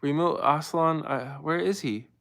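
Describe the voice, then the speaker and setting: A man's voice: fairly high pitch, measured pace, vocal fry, a bit bright. A man in his thirties hosting a live stream, chatting loosely with viewers and answering their questions, rambling with many restarts. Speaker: livestream host. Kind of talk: casual live-stream talk answering chat.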